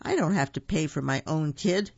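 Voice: mid-range voice, normal speed, vocal fry, darkish tone, no echo. A storyteller voicing a stern but loving father who scolds firmly, in a dull lo-fi recording. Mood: indignant.

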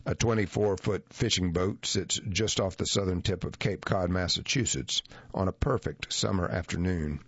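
A man reading a nonfiction article aloud as scripted narration, in a measured, even manner. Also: deep voice, breathy edge, no room sound. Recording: dull lo-fi dry recording.

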